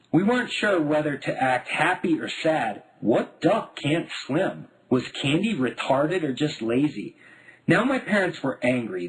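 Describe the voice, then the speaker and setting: A husky-voiced man narrates his own memoir with wry, deadpan humor. His delivery is lively, with a wide, animated pitch range. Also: poor audio. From Denver, United States. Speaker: memoir author.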